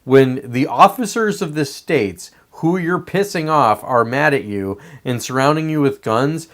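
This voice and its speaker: A man's voice: mid-range voice, lively intonation, measured pace. A man hosting a show, delivering a blunt, profanity-laced political commentary monologue. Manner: profane, emphatic ranting. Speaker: podcast host.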